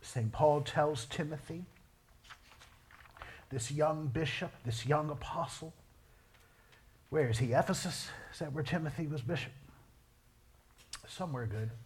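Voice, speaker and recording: A man preaching a sermon, moving between quiet storytelling and loud, drawn-out climaxes. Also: fairly high pitch, slight background noise. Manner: dramatic, swings from quiet storytelling to shouted climaxes; slow, drawn-out emphasis on key words.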